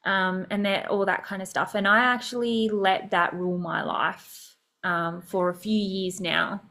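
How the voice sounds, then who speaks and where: A woman's voice: medium pitch, fairly even intonation, a little slow, pushed and bright. A young adult woman hosting a podcast, telling a personal story in a chatty, reflective way with many fillers. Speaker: podcast host.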